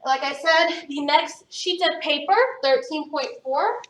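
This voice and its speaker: Patient woman phonics teacher, unhurried and encouraging, heard from a distance. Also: high voice, fairly bright tone. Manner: patient, encouraging, sounds words out slowly. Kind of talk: phonics lesson to young students. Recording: echoey room, voice from a distance.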